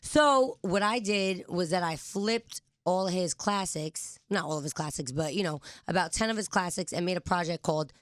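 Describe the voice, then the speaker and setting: A young woman talks as a guest in a radio studio. Her voice sits a little low, and she chats quickly and laughs easily. The sound is close and dry. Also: dry recording. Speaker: guest rapper. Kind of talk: casual interview chat.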